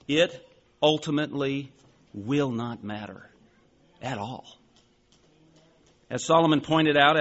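A man in his forties preaching a sermon, telling a story with animated emphasis. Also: medium pitch, highs cut off. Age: 40s. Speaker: pastor.

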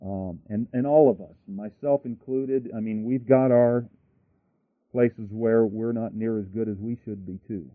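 A man's voice: fairly low pitch, unhurried, dry recording. A man preaching a sermon emphatically, with rhetorical questions, asides and frequent restarts. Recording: dry, tinny radio broadcast.

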